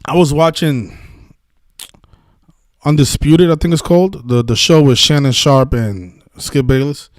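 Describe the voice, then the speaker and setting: A man's voice: fairly high pitch, measured pace, long pauses, dry recording. Man ranting profanely on a stream. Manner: profane, heated and rambling, with many restarts. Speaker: sports betting video host. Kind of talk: casual live-stream rant.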